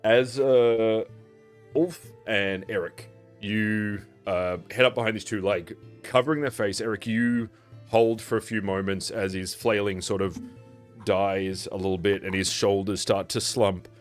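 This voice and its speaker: A man's voice: fairly low pitch, steady tone, unhurried, faint music behind. Man narrating as game master. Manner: loose narration full of fillers.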